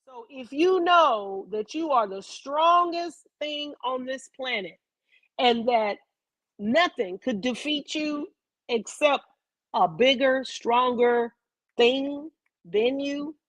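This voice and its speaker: A woman's voice: high voice, slow pace, pauses often, no room sound. A woman vlogger talking in a casual commentary style, emphatic and dramatic, with heavy swearing.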